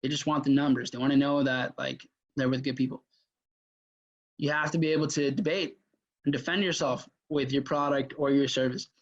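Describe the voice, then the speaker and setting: A man runs a loose sales workshop at a mid pitch, talking in a chatty way with many fillers and restarts. His voice comes through dull, lo-fi audio. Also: fairly even intonation, moderate pace. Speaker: mentor teaching a sales workshop. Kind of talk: casual live workshop lecture.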